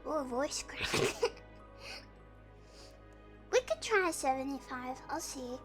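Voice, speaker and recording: A woman's voice: high voice, very animated, takes it slowly, faint music behind. A woman streaming live, chatting casually and greeting viewers by name in a bubbly way.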